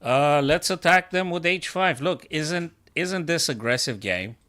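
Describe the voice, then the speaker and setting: A man's voice: a little high, lively intonation, a little slow, bright, forceful tone. A chess coach streaming live, a man thinking aloud over his moves, self-mocking and bursting into exclamations.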